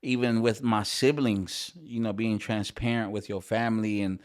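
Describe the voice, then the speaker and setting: A man's voice: on the low side, steady tone, moderate pace. A man, a rapper guest on a podcast, talking in a laid-back way with many fillers and some swearing. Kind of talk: casual podcast chat.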